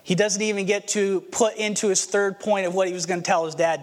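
Male pastor, sermon, earnest storyteller, high voice, long church reverb. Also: steady tone, fairly quick. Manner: earnest, storytelling, acts out the scenes.

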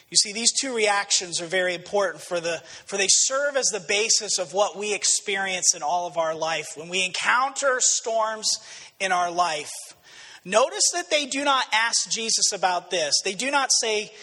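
A man preaching a sermon, dramatic and storytelling, dropping low and then rising to shouts. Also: expressive, unhurried, in a large hall. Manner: dramatic, swings between quiet and shouted quotes. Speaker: pastor.

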